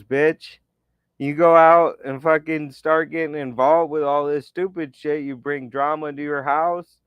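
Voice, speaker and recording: Dude ranting and cussing at screenshots, slow drawl, dry dull lo-fi audio. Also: male voice, medium pitch, clear, resonant tone, no room sound. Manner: profane, scornful ranting. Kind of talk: ranting commentary over screenshots.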